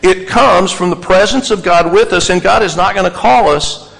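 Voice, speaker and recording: A man preaching, his voice a little high for a man and carried by the long reverb of a big hall. He tells stories with animation and hammers his points home in repeated, emphatic lists. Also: moderate pace, creaky, a bit bright. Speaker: pastor. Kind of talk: sermon.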